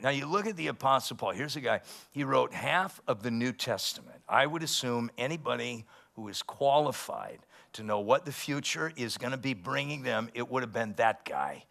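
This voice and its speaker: A male pastor preaching a sermon, rising loud and emphatic when he quotes scripture. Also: mid-range voice, expressive, moderate pace, creaky, hardly any pauses.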